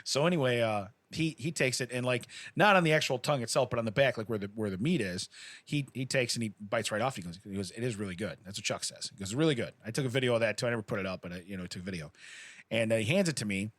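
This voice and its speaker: A man's voice: mid-range voice, fast talker, fairly bright tone, dry recording. A middle-aged man co-hosting a podcast, telling a rambling story in casual chat, laughing often and acting out what people said. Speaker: podcast co-host.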